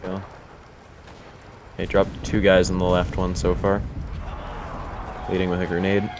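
A young man in casual gaming chat, calmly explaining tactics to his squad. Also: sits low, a little slow, slight background noise. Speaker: gamer. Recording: game gunfire behind.

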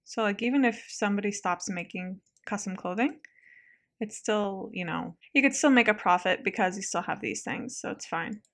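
A woman giving casual let's-play game commentary, chatty and excitable, quick to laugh. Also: medium pitch.

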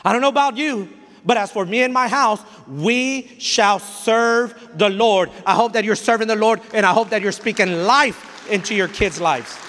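A man's high, bright voice rings out in an emphatic sermon, exhorting his listeners with repeated lines and a few Spanish phrases. He drives his points home with direct, playful asides. The sound carries the long reverb of a church hall. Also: moderate pace, some chatter behind. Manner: emphatic, repetitive preaching that mixes in Spanish phrases. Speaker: pastor. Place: church sanctuary.

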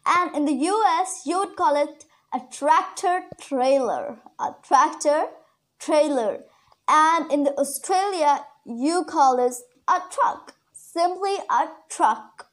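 Teaching vocabulary in a talkative online English class, a woman whose mother tongue is Urdu repeats key words slowly for learners. Her voice is high-pitched and fairly bright.

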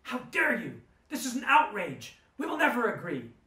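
A woman's voice: wildly swooping pitch, normal speed, full character voice. A man voicing a furious, tearful young woman. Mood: outraged yelling. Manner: shrill angry yelling, tearful. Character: furious woman leading a vegan co-op group. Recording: roomy room, distant mic.

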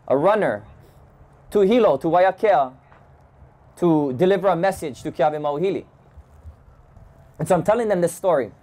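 Man from Hawaii, fairly high voice, slow measured storyteller. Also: dark tone. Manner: measured, thoughtful storytelling with restarts. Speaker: community leader. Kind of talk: storytelling talk. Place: home gathering, indoors.

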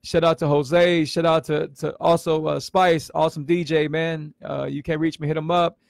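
Earnest guy in his 40s livestreaming, gravelly kinda high voice, dry close sound. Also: little pitch movement, normal speed, dry recording. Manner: earnest, emotional, repeats himself and stumbles, gives shout-outs. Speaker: vlogger sharing his health story on a livestream. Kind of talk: casual livestream talk.

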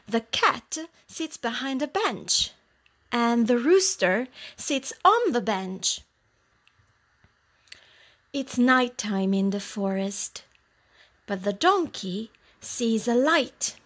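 A woman teacher narrating a simple storybook for young English learners in clear, short phrases. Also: a little high.

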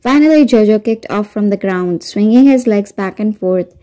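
Woman, audiobook narrator, calm storybook reading, mellow dark voice. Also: mid-range voice, normal speed, low-quality recording.

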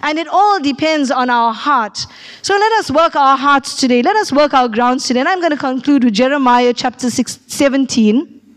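A woman's voice: sits high, normal speed. A middle-aged woman pastor, preaching a sermon and telling a personal story, acting out the people she quotes. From South Africa.

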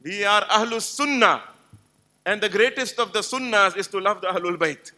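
An Islamic lecturer with a high-sitting voice speaks at a moderate pace in a sharp tone. He delivers an emphatic religious lecture to a live gathering, telling stories and posing rhetorical questions to the audience.

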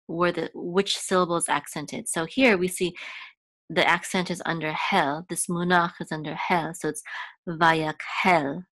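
Patient female teacher, slow delivery, moves between soft explanation and chanted words, dry close sound. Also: on the low side, no echo. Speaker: Hebrew teacher. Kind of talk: chanting lesson with spoken explanations.

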